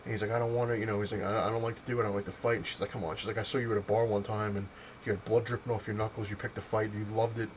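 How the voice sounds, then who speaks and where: A man's voice: fairly low pitch, level tone, very fast, slight background noise, poor audio. A man casually rambling through a comic book review at home, with lots of fillers and retold dialogue. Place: home, on a couch.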